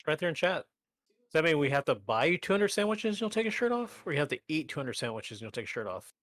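A man's voice: on the high side, very animated, quick pace, fairly bright tone, no room sound, clean studio sound. A man co-hosting a live stream talk show, bantering with jokes at his own expense. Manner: joking, self-deprecating banter. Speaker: podcast co-host. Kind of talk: casual chat.

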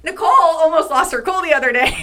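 A woman in her thirties chatting casually with her partner as podcast co-host, telling stories in a lively way and acting out what others said. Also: very high voice, heavy background noise. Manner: animated storyteller, acts out quotes with laughs. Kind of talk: casual couple chat.

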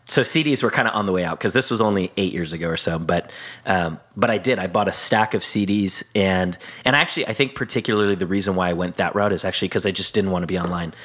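Low-voiced man telling a faith story. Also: fast, fairly bright tone. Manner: earnest storytelling, quotes prayers and scripture. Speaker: podcast co-host. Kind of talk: casual Christian podcast chat.

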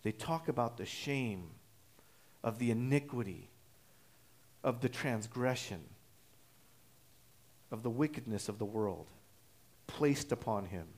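A male pastor delivering an expository sermon, teaching in a measured, explanatory way with frequent "uh" pauses and restarts. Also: mid-range voice, lively intonation, a little mellow.

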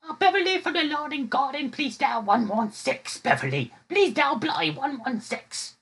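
A silly store-speaker voice pages someone in a squeaky falsetto, put on by a man. The words stretch out slowly in a drawn-out singsong. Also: sing-song, fairly bright tone, exaggerated voice. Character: silly high-pitched man paging over a store speaker.

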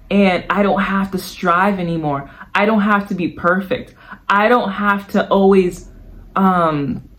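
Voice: mid-range voice, a bit bright. Earnest faith podcaster sharing a testimony. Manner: earnest and reflective, repeats phrases for emphasis. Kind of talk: personal testimony, casual devotional talk.

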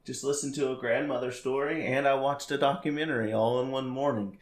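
Guy cohosting a podcast, mid pitch, echoey room sound. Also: fairly even intonation, brisk. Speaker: podcast co-host. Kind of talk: casual chat. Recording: roomy echo.

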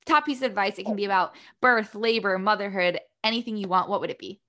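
A woman's voice: medium pitch, quick pace, sharp tone. A young woman hosting an interview, a birth professional who talks conversationally and reassures her guest. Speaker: podcast host, birth professional with clients. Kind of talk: casual interview chat.

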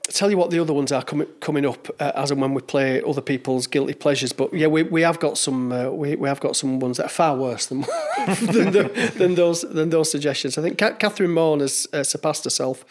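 A man's voice: a little high, fast, hardly any pauses. A man co-hosting a podcast in casual chat, rambling with lots of restarts and fillers. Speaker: podcast co-host.

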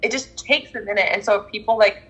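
A woman's voice: mid-range voice, fairly even intonation, a little fast, fairly bright tone, slightly rough, dull audio. A woman in casual chat, talking animatedly and acting out the people she quotes. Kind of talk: casual chat about astrology.

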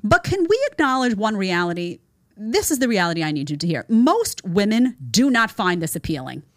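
A woman hosts a reaction commentary show, her pitch swinging widely as she reacts with incredulity. She talks emphatically and sarcastically, calling her subjects "honey." Her voice sounds dry and close, with little room echo. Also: very animated, a little fast. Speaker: show host.

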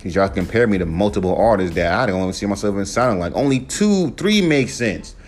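A man hosting his own podcast, ranting casually and profanely about rap and his music with emphatic, animated delivery. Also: lowish voice, fairly quick. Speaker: podcast host and rapper. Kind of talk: casual solo podcast rant.

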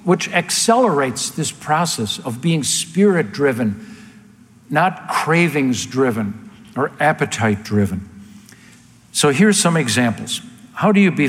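A man's voice: on the high side, in a large hall. A man preaching a sermon as pastor, emphatic and firing off rhetorical questions, getting worked up at times.

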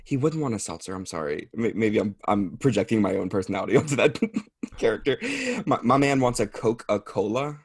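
Rambling low-voiced man, chatty guest. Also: animated, a little fast, slightly rough, dry recording, studio quality. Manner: rambling, self-deprecating, laughs often. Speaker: podcast guest. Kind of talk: casual chat.

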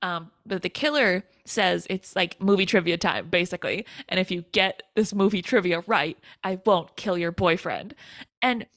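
A woman's voice: fairly low pitch, moderate pace, a bit bright, no room sound. A young woman co-hosting a podcast, animatedly retelling a horror film's scenes, acting out quotes and laughing often. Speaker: podcast co-host. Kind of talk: casual chat, retelling a film.

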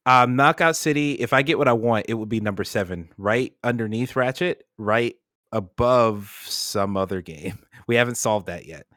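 Speaking at normal speed in a medium-pitched, slightly bright voice, this man hosts a laid-back gaming podcast. He curses loosely while guiding the group through its rankings, and the recording is echo-free and studio quality.

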